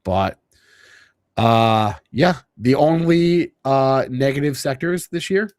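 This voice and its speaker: A man hosting a casual market show, talking in an animated way with frequent restarts. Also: medium pitch, slow pace, no room sound, studio quality. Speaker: show host.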